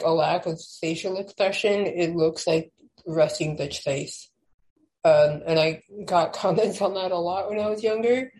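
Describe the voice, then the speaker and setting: Young woman w a low mellow voice, chatting then reading her poem slow and deliberate. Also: low-quality recording. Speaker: podcast guest, poet. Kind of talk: casual chat and poetry reading.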